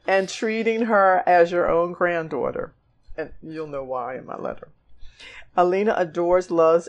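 Woman reading a sweet letter, kinda low voice, teary and laughing through it. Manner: emotional, close to tears, laughs between lines. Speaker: podcast co-host. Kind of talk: reading a heartfelt letter aloud.

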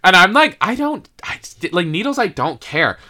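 Lively, bright young woman in casual chat. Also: normal speed. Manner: expressive, swings her pitch widely, tells personal anecdotes. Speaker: podcast co-host. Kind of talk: casual chat recapping a TV episode.

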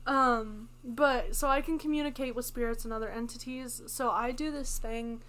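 Chatty teenage girl with a high voice. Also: normal speed. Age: teens. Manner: relaxed, rambling, lots of fillers. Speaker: podcast co-host. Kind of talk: casual chat.

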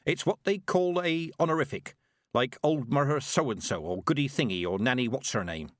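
A man's voice: mid-range voice, animated, normal speed, no room sound, studio quality, voice pushed up, natural voice. A man voicing a proud, stern old witch who speaks curtly and with command. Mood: gruff. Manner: curt, commanding.

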